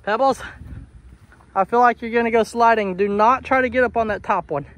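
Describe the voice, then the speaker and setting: A man talking casually to his goats on a homestead, coaxing and scolding them playfully, his voice jumping high when he is exasperated. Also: fairly quick, fairly bright tone. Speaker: homesteader vlogger. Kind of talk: casual talk to farm animals. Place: outdoors on a homestead among goats and animals.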